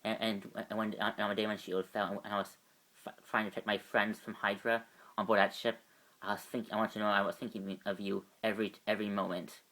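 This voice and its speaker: Guy doing a lady agent in his own low voice, soft and stumbly. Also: little pitch movement, quick pace. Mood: tender. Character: female agent, devoted and guarded. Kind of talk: amateur fan voice acting.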